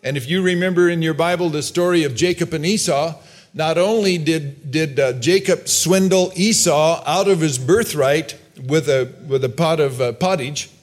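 A man's voice: on the high side, normal speed. A man preaching a sermon, reading Bible verses aloud and explaining them loosely with restarts. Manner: reads Bible verses aloud and briefly acts out characters' lines.

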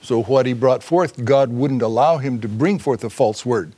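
A man's voice: mid-range voice, moderate pace, warm tone, slightly rough. A man co-hosting a Bible discussion, adding his points earnestly and with emphasis. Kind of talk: conversational Bible teaching.

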